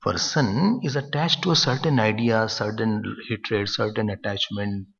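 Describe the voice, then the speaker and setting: A man, a swami giving a spiritual discourse in an animated manner. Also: fairly low pitch, unhurried. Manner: animated, acts out quoted scoldings, chuckles at his own jokes. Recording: muffled recording in a reverberant hall.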